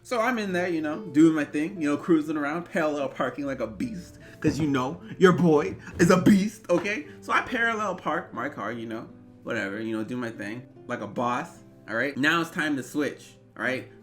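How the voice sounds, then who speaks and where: A man in his twenties telling an animated, rambling story in a storytime vlog. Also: on the high side, normal speed, faint music behind. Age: 20s. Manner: animated, rambling, bursts into yelps. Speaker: vlogger.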